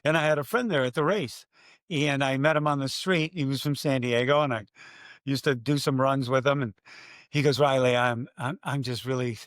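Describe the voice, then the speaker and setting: An older man, a former race announcer, telling stories in an interview and acting out his own loud calls. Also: medium pitch, normal speed, no echo, clean studio sound. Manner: animated storyteller, acts out his own calls loudly. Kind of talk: conversational storytelling interview.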